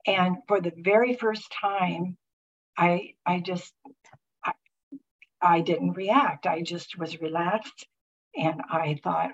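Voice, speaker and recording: Halting middle-aged woman sharing a testimony. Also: on the low side, fairly even intonation, husky. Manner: halting, many restarts and fillers. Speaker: group member sharing a testimony. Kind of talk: personal faith testimony. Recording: muffled lo-fi recording.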